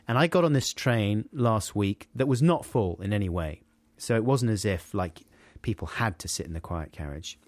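A man spins a comic anecdote with a very lively, swooping pitch. He switches into character voices as he goes, animated and expressive. The sound is dry and close, with no room around it. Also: moderate pace, few pauses, no room sound. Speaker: podcast co-host telling a story. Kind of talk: comic storytelling.

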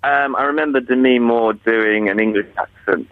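A man's voice: medium pitch, normal speed, no echo, narrow, tinny audio. A man working as an accent coach, explaining things in a hesitant way with frequent fillers during a casual radio chat.

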